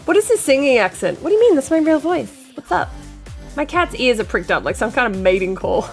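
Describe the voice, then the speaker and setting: Woman, streamer, high voice, joking casual chat with viewers, soft music behind. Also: animated, brisk, gravelly.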